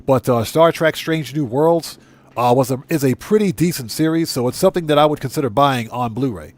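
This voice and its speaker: A man's voice: medium pitch, a little fast, a little mellow. Rambling middle-aged male game streamer. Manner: rambling, self-correcting, reads chat aloud. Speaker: livestream host. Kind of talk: casual livestream chat while gaming.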